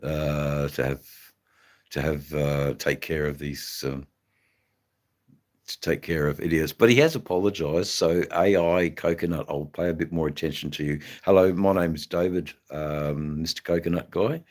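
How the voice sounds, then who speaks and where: A Western Australian man hosting a casual motorcycle live stream, rambling and halting with many fillers. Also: extremely low pitch, fairly even intonation, a little mellow. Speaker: motorcycle channel host. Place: indoors in front of a flag backdrop. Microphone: phone.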